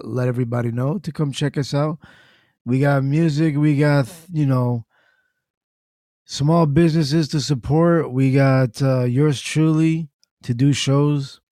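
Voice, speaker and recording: Mellow-voiced male talk show host. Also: medium pitch, dry recording, clean studio sound. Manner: relaxed, chatty, conversational. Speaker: podcast host. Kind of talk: casual talk show chat.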